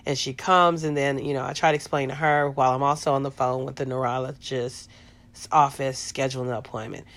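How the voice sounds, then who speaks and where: A woman's voice: a bass voice, steady tone, brisk, fairly bright tone. A middle-aged woman hosting a podcast, telling a personal story in a casual, rambling way with lots of fillers. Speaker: podcast host.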